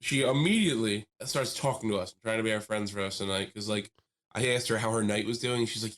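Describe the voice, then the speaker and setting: A man co-hosting a podcast, telling a long story in casual chat with lively animation, often laughing and mimicking the people he quotes. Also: fairly low pitch, quick pace. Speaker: podcast co-host.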